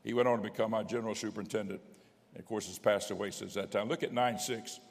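A man's voice: fairly low pitch, steady tone, quick pace, creaky. An older man, a bishop, preaching a folksy teaching sermon and reading scripture aloud with rising emphasis. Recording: long hall reverb.

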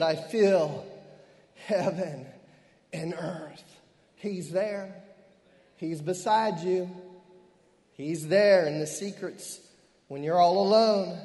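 A middle-aged man preaching a fervent sermon as pastor, sprinkling in amens and hallelujahs and slowing down hard on key phrases. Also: a little high, creaky, darkish tone. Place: church. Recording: long reverb of a church hall.

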